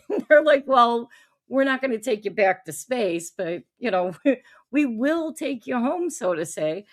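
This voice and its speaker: A woman's voice: fairly high pitch, big pitch swings, unhurried. Laughing woman telling a story. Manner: laughing often while telling an anecdote. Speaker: podcast host. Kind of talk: casual storytelling chat.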